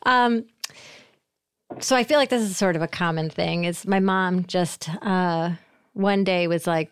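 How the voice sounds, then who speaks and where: A woman's voice: fairly low pitch, fairly even intonation, normal speed, clean tone, no echo, studio quality. Candid, salty woman from upstate New York. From Syracuse, New York. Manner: candid, self-deprecating, profane humor. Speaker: guest. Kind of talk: casual interview chat.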